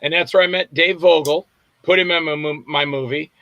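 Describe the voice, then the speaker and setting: Older man telling animated stories. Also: on the high side, brisk, dry recording, highs cut off. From Florida, US. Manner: rambling storyteller acting out quotes. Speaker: guest actor and filmmaker. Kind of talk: casual anecdotal interview.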